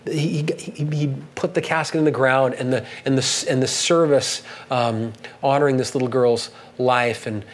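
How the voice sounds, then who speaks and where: A man's voice: medium pitch, poor audio. Earnest man preaching a sermon. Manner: earnest, halting, with restarts and emphatic read quotes. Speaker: pastor.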